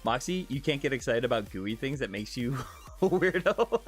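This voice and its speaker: Animated, swearing male streamer. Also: mid-range voice, moderate pace, soft background music. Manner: animated, giggly, profane. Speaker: live streamer. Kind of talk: casual chat, reading viewer questions.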